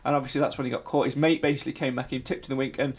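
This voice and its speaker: A man co-hosting a casual podcast chat, animated and jokey. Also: medium pitch, racing. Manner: animated, jokey, bursts into sung tunes and mock shouts. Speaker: podcast co-host.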